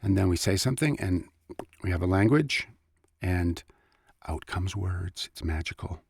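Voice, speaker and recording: A man's voice: sits low, lively intonation, a little slow, creaky, breathy edge, dry recording. A male voice actor talking casually and chattily about his craft, in a rambling way. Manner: chatty, rambling, self-interrupting. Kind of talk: casual vlog talk.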